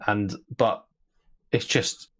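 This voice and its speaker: A man's voice: very slow, a bit bright. A man co-hosting a gaming podcast in a chatty, eager way, swearing now and then. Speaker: podcast co-host. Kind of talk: casual chat.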